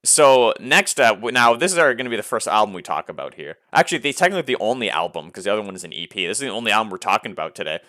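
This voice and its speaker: A man's voice: lowish voice, very fast, hardly any pauses, dry recording, studio quality. A man hosting a podcast, chatting casually about music with lots of fillers. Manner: relaxed, many fillers, enthusiastic about music. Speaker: podcast host.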